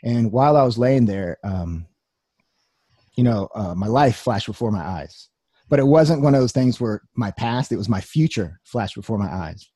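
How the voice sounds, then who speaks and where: A man's voice: on the low side, animated, moderate pace, dark tone, slightly rough, no echo, studio quality. A young man giving a personal testimony talk, telling his story earnestly with wry humor.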